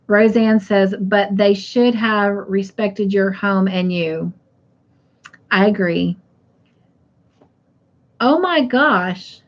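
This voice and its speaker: A woman's voice: mid-range voice, drawn-out words, long pauses, highs cut off. A middle-aged woman hosting a casual crafting live stream. She reads viewer comments aloud in a chatty way and laughs easily.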